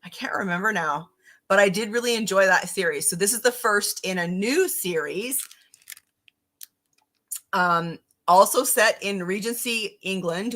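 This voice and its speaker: A woman's voice: mid-range voice, a bit bright. A woman hosting a casual live-stream book chat, upbeat and chatty, reading out viewer comments. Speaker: book channel host.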